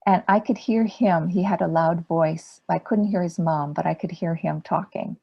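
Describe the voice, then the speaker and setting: A woman meditation teacher giving a dharma talk in a gentle, unhurried way, asking rhetorical questions. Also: fairly low pitch, vocal fry, breathy edge, highs cut off.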